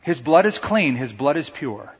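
A man playing a grave, quiet doctor. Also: fairly high pitch, big pitch swings, normal speed, breathy edge, heavily acted. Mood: solemn. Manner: quiet and solemn. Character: grave, gentle male hospital doctor. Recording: echoey hall, dull lo-fi sound.

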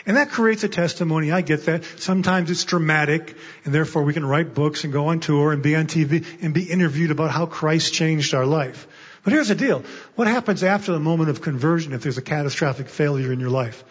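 A man's voice: on the high side, a little fast, breathy edge. A man preaching a sermon as a guest speaker in a church, emphatic, often repeating a word as he starts a thought. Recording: muffled echoey church hall.

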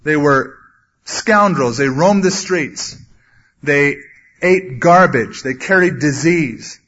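A man preaching a sermon, earnestly teaching from the Bible and acting out quotes with sudden loud bursts. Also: on the high side, slow pace. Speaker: pastor. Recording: dull lo-fi sermon recording.

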